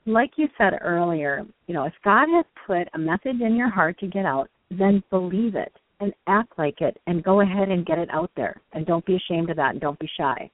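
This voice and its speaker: A woman's voice: on the low side, lively intonation, a little fast, hardly any pauses, no echo. A woman hosting a speaker-training talk, explaining points with enthusiasm and frequent laughs. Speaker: host. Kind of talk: conversational teaching on a call-in show. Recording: dry tinny phone line.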